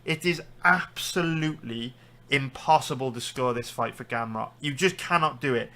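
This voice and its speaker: A British-accented man holding forth on a live stream, his voice bright and forceful as he rants and swears heatedly. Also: medium pitch, normal speed. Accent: British English. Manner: heated, profane ranting. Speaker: sports betting streamer.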